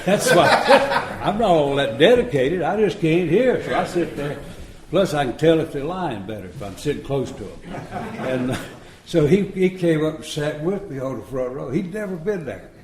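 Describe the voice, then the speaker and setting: A man's voice: fairly high pitch, darkish tone. Folksy older man telling a story. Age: 70s. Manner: folksy, chuckling, acts out dialogue. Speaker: recovery meeting speaker. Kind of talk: storytelling talk to an audience. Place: retreat meeting room. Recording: roomy live talk recording.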